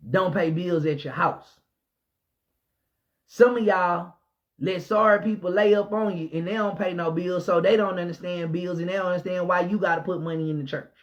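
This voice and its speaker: A man with a very high voice preaches in a heated rant, hammering his points by repeating them. He jumps from loud shouted declarations down to low muttered remarks. The recording sounds dull and lo-fi. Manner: repetitive, emphatic, call-out delivery. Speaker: pastor. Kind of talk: impassioned preaching rant to camera.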